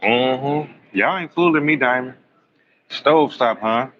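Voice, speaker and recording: A man hosting a live astrology stream, telling raunchy comic stories in an animated, slangy way and joking with his chat. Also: mid-range voice, unhurried, highs cut off, slight background noise. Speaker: astrology livestream host. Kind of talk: live tarot reading with raunchy comic storytelling.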